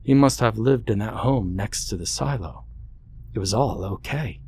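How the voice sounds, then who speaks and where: A man narrating a horror story in a measured, suspenseful way. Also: lowish voice, mellow, slightly rough.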